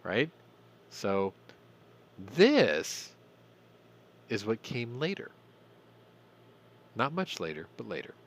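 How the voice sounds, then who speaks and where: Irreverent, lively low-voiced male host. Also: measured pace, pauses often. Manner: irreverent, swears, ranting asides. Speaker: podcast host. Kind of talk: casual news commentary.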